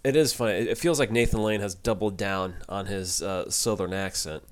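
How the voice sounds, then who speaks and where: A man's voice: on the low side, a little fast. A man co-hosting a podcast, chatting casually and laughing easily, with frequent restarts. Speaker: podcast co-host. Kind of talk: casual chat.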